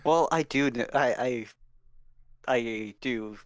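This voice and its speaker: Player dude in a tabletop game, stammers a bit, kinda unsure, dry sound. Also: male voice, mid-range voice, slow, dry recording. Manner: hesitant, stumbling over words.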